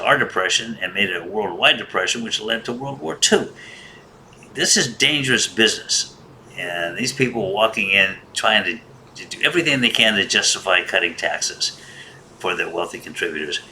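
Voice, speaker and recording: A man's voice: fairly low pitch, expressive, moderate pace, sharp tone, a little hiss or hum. A man hosting a casual monologue, rambling and wry, grumbling in a joking way. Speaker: host.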